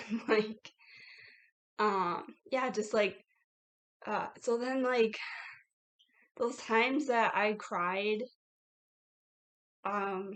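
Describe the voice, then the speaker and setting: Woman vlogger, unhurried, mid-pitched, filler-heavy confessional chat. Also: a bit bright. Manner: reflective, heavy "like" fillers, laughs between thoughts. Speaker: YouTuber. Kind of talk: casual confessional vlog talk.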